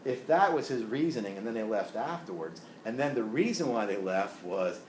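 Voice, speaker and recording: A man's voice: fairly low pitch, lively intonation, moderate pace, slight background noise. A man giving a classroom lecture in a conversational way, often checking in with tag questions and asides. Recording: echoey room, faint ambience.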